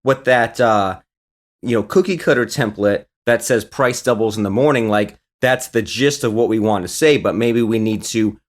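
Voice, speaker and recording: A man's voice: lowish voice, normal speed. A man hosting an interview, asking questions casually and rephrasing them as he thinks aloud. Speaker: podcast host.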